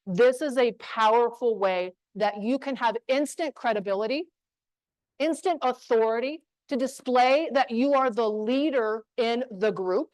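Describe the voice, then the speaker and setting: A woman from New Mexico giving a motivational talk on voice skills to a live audience, emphatic and punchy with deliberate pauses. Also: fairly high pitch, darkish tone, no echo, rough recording. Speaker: speaker on voice skills. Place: room with an audience.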